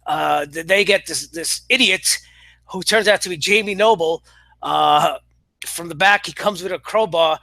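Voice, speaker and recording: Sarcastic and exasperated, this high-pitched wrestling commentator rambles through a casual review, his bright, tense voice turning creaky. His delivery comes in stop-start bursts cluttered with fillers and restarts, and the audio is dry and close-miked.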